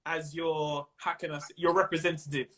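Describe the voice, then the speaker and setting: A man with a London accent, chatting casually as a comedian guest, animated and full of slang, often breaking into little character voices. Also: a little high, brisk. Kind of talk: casual interview chat. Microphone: Instagram live stream.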